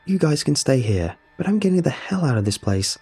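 A man's voice: mid-range voice, expressive, a little fast, gravelly, warm tone, breathy edge, soft background music, voice pushed up, full character voice. A man voicing a blunt, tough young woman survivor in a horror story, speaking urgently.

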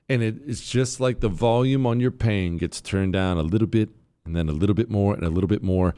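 A man's voice: fairly low pitch, a little fast, warm tone. A man hosting a talk radio show, delivering a brash, sarcastic monologue.

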